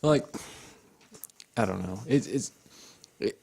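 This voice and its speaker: A young man with a lowish voice co-hosts a laid-back true crime podcast. He agrees often and gives blunt, plain-spoken opinions. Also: lively intonation, slow pace, gravelly, darkish tone, husky. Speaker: podcast co-host. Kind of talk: casual true crime chat.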